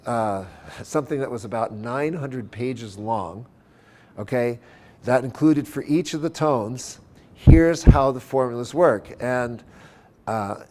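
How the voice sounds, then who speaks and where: A man's voice: mid-range voice, a little mellow. A man lecturing at a conference on church music. He explains step by step, keeps checking in with "okay?", and breaks into short sung chant examples. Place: conference center.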